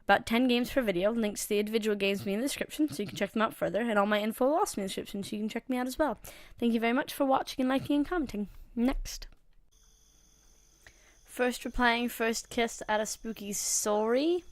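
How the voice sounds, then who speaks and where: A woman hosting a game playthrough, chatting softly and reading the dialogue aloud. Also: fairly high pitch, fast talker, no room sound. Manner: soft, chatty, unsure asides. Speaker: game channel host. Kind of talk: let's play commentary reading game dialogue.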